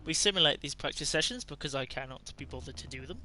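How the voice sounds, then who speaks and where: A man's voice: on the high side, expressive, fast talker, sharp tone, slight background noise. A young man from Ireland with an English accent, giving rambling, self-mocking commentary while streaming a game. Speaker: gaming streamer. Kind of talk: casual gameplay commentary.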